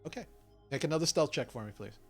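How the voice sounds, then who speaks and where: A man's voice: fairly high pitch, fast talker, faint music behind. Easygoing man running a tabletop game. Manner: filler-heavy, relaxed storytelling. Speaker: game master.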